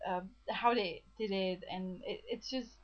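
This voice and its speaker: A woman's voice: mid-range voice, unhurried. Chatty woman on a dull lo-fi recording. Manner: chatty, excited retelling with restarts. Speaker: film reviewer. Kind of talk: casual chat.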